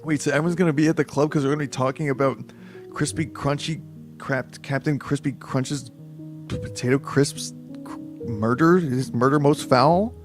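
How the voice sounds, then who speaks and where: A man's voice: medium pitch, fairly even intonation, normal speed, over music. Tired, rambling man reading aloud. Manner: rambling, swearing, self-mocking. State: tired late at night. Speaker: streamer reading a book aloud. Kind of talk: casual reading stream commentary.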